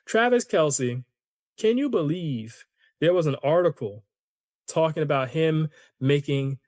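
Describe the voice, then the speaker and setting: A man's voice: a little high, measured pace, dry recording, studio quality. Fired-up man hosting a podcast. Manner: animated, opinionated ranting; conversational, addresses listeners as y'all. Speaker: podcast host. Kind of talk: solo podcast commentary.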